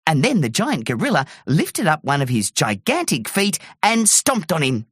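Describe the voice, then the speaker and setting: A woman narrating a children's story aloud with animated, character-filled delivery. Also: low voice, normal speed, few pauses, husky, no room sound, clean studio sound. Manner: animated, swoops between character voices.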